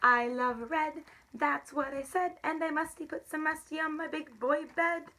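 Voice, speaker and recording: A squealing, excitable kitten boy who believes he is a chihuahua, as a woman puts him on in a storybook reading. The voice sits up high and bounces with childlike glee. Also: normal speed. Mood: eager. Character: playful young boy kitten who thinks he's a chihuahua. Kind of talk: storybook read-aloud.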